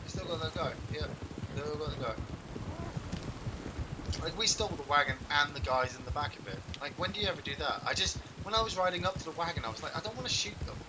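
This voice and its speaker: A man's voice: on the high side, lively intonation, fast talker. A man from England giving casual live commentary while playing a game, chatting, joking and swearing as he reacts. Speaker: game streamer. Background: game noise, hoofbeats and clicks.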